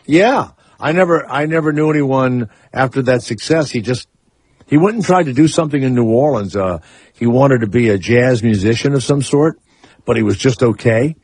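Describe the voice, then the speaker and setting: A man's voice: medium pitch, lively intonation, moderate pace, a little mellow, slightly rough, no echo. A man in his sixties hosting a call-in radio talk show, brash and teasing with his callers. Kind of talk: casual call-in radio banter.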